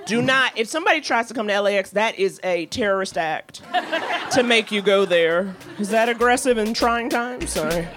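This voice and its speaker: A woman co-hosting a podcast, telling a comic story in a lively, profane way. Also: mid-range voice, moderate pace, music in the background. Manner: profane, lively, slips into voices for the people in her stories. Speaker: podcast co-host.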